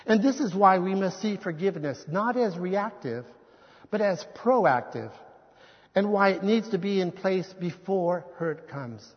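High-voiced male preacher in a reverberant hall. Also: lo-fi sound. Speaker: pastor. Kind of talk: sermon.

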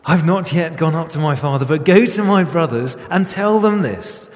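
A man playing a calm, gentle risen teacher, speaking slowly and solemnly in a raised voice. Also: a little high, big-room sound, natural voice.

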